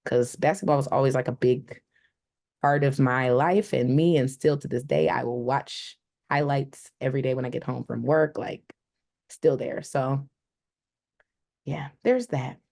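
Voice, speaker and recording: A young woman with a Detroit accent, co-hosting a casual podcast chat, animated and quick to laugh, acting out the voices of people she quotes. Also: very deep voice, creaky. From Detroit, Michigan. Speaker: podcast co-host.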